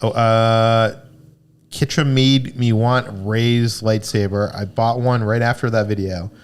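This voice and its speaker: A man's voice: fairly low pitch, flat delivery, takes it slowly, smooth. A young man co-hosting a casual livestream, chatting easily and reading viewer comments aloud. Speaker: livestream co-host. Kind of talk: casual chat.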